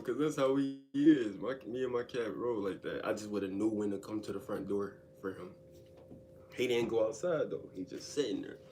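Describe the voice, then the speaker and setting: A man telling a story in a casual storytime monologue, slangy and animated, and speaking directly to his listeners. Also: lowish voice.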